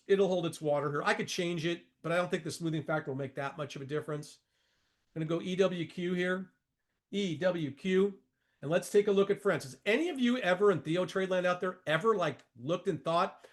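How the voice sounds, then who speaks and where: A man in his sixties with a notably high speaking voice leads a trading lesson, pulling up charts as he goes. He is emphatic and repetitive, tossing folksy asides at his viewers. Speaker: market educator.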